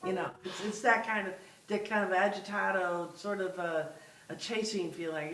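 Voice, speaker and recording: A woman's voice: mid-range voice, steady tone, moderate pace, fairly bright tone, roomy sound, distant mic, slight background noise, poor audio. A woman music teacher coaching a student in a masterclass, patient and giving step-by-step instructions over a video call.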